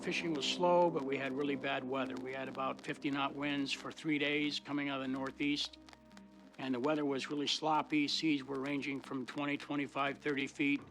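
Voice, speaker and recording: A man's voice: mid-range voice, flat delivery, moderate pace, music in the background, low-quality recording. A man who captains a fishing boat, giving a plain, matter-of-fact account of a storm at sea in a documentary interview.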